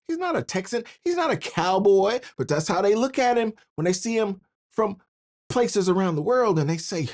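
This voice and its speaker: Woman host, lively swooping delivery, slangy commentary with frequent laughs. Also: mid-range voice, normal speed. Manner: animated, slangy, laughs between phrases. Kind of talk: political commentary monologue.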